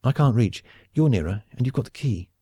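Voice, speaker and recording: A man's voice: mid-range voice, animated, brisk, warm tone, slightly rough, dry recording, voice pushed up. A man voicing a dry, sarcastic young woman pilot in an audiobook. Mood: sardonic. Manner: dry, sarcastic, matter-of-fact.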